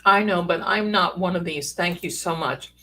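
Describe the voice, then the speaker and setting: A woman's voice: fairly low pitch, normal speed, pushed and bright. A woman hosting a live stream as a psychic, talking casually with folksy, sassy asides. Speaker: psychic livestream host.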